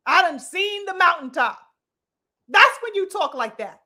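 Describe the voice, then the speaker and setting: Her voice is very high-pitched, animated and sharp, yet she takes her time. On her boxing commentary vlog, she rants with preachy mockery, throwing out blunt, profane rhetorical questions and addressing her brothers and sisters.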